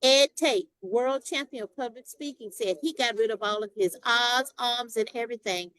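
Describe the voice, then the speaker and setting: A woman's voice: a little high, normal speed, a bit bright, no echo, low-quality recording. A woman with a Southern Texas accent, a longtime Toastmasters member speaking emphatically in a casual group discussion.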